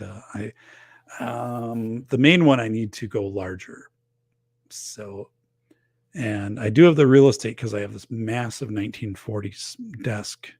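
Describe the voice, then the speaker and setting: Middle-aged male host, dry close sound, gravelly tone, rambling casual chat, losing his voice. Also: on the low side, no room sound. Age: 40s or older. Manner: rambling, loose, lots of fillers. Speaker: podcast host. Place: home office.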